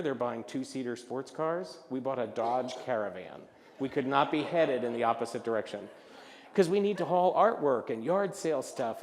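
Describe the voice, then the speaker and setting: Older man telling comic stories in a hall. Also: fairly high pitch. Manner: animated, acts out voices of others in his stories. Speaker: luncheon speaker. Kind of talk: comic storytelling talk. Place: event hall. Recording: reverberant hall.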